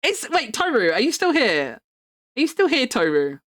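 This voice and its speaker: A young woman rambles casually to her stream chat. Her fairly high voice swings lively up and down as she talks. She laughs often between her thoughts. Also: normal speed.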